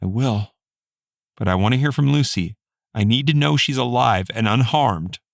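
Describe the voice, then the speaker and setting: A frantic young mother, urgent and pleading, voiced by a male audiobook narrator. The pitch climbs high above his own voice, and the read is dry and close. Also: moderate pace, creaky, dry recording, natural voice. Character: frantic young mother whose daughter is kidnapped.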